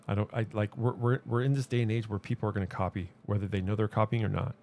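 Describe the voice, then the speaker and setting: A man with a low, gravelly, mellow voice talks while he plays, rambling through his stories. He trips over his words and restarts his sentences often. Quiet game music plays underneath. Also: steady tone, quick pace. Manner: hesitant, many restarts and fillers. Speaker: gaming streamer. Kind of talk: casual rambling chat while gaming.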